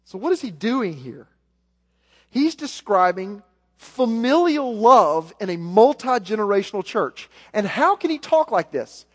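A man's voice: sits high, sing-song, measured pace. A man with a Southern American accent preaching a sermon as pastor, earnest, repeating words as he builds a point. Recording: long hall reverb.

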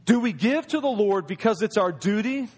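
A man's voice: high-pitched, lively intonation, moderate pace, a little mellow. A man preaching a sermon in a conversational storytelling way, acting out the voices of people in his stories. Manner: storytelling, acts out quoted voices.

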